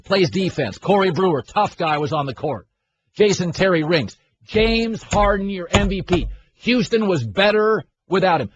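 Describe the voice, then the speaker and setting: A man's voice: a little high, dull audio, a little hiss or hum. A man hosting a sports radio talk show, emphatic and opinionated, rattling off names.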